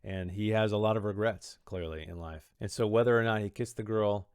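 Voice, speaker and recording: A writer revisits his own story, explaining the decisions behind it in a reflective, wandering way with lots of restarts. His voice is on the low side and a little mellow with a clean tone, and he talks fairly quickly. The recording is dry, clean studio sound.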